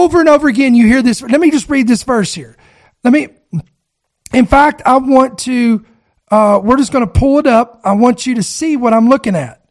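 Fervent male preacher, middle-aged, very high voice, exhorting online viewers with call-outs. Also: gravelly. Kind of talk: sermon to an online audience.

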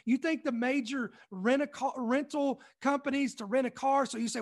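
A young man from Kentucky reading out news items and commenting on them emphatically, often repeating points slowly for effect. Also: very high-pitched. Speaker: online commentary host.

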